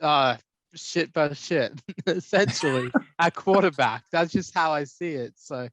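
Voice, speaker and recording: A man with a fairly high voice, talking bluntly and easily in casual podcast chat. His sound is close and dry. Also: a little slow, fairly bright tone, no room sound, poor audio. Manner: blunt, laid-back, swears casually. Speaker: podcast co-host.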